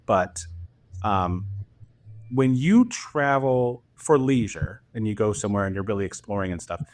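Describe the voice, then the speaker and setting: A man's voice: fairly low pitch, lively intonation, unhurried, darkish tone, faint music behind. A man hosting a podcast, asking questions in a casual, curious way with many fillers. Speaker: podcast host. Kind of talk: casual interview chat.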